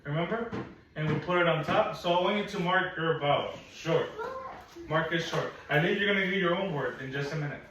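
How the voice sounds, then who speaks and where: Guy teaching phonics, slightly high voice, patient, stretches out sounds, far from mic in a super echoey classroom. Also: background noise. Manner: patient, encouraging, repeats sounds slowly. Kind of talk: one-on-one phonics lesson. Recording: echoey room, mic at a distance.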